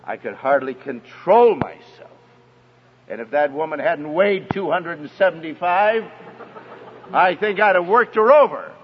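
Here the man's voice is fairly high and expressive, his pace measured, with a little hiss or hum on the recording. Speaking to an audience in a hall, he shares a personal story sermon-style and turns straight to the parents listening. The sound is echoey, dull and lo-fi.

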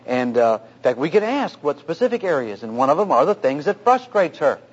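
Husky guy pastor, kinda high voice, telling a story in a sermon, earnest, muffled lo-fi tape. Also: fairly quick. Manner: earnest, anecdotal, animated retelling. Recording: dull lo-fi recording.

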